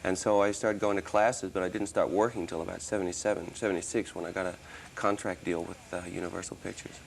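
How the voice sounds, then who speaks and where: A man in his thirties, originally from Australia, speaks low and fast with fairly even intonation and a gravelly texture, over a little hiss or hum. He's an interview guest, a musician and actor, whose accent is mostly American with traces of Australian. His talk is casual and rambling, full of restarts.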